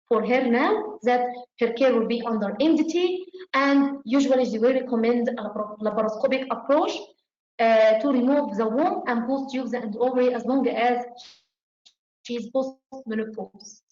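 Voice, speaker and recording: Woman medical tutor, slightly high voice, methodical step-by-step lecturing, echoey lo-fi room. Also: normal speed, a little mellow. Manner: methodical, step-by-step instruction, acting out doctor lines. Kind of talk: exam-prep lecture. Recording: echoey room, dull lo-fi sound.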